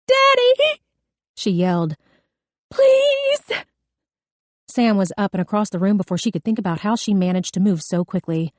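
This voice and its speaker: A woman reads a suspense novel aloud in a measured, tense way. Her voice sits low and mellow, and the recording is close and dry. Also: dry recording. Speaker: audiobook narrator. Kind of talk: scripted narration.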